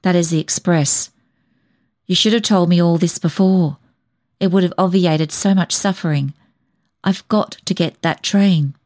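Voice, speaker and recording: A woman's voice: lowish voice, unhurried, darkish tone, close to an everyday voice. A woman reading an audiobook, voicing a kind young man who speaks in a tender, soothing way. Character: gentle, loving young man, steady and kind. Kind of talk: audiobook dialogue.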